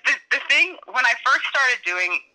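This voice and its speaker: A woman voice actor chatting as a guest in an interview, animated and laughing, with lots of "like". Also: high-pitched, moderate pace, low-quality recording. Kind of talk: casual interview chat.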